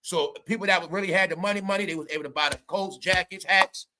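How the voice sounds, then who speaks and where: A man's voice: high voice, fast, noisy background. A man giving casual, comedic commentary as a vlogger, rambling, swearing, laughing and stammering as he talks.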